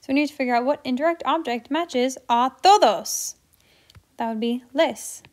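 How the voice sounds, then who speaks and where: A woman's voice: high voice, normal speed. A woman teaching Spanish grammar in a chatty, playful way, with little asides while she works through examples. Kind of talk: explaining grammar while writing on a board.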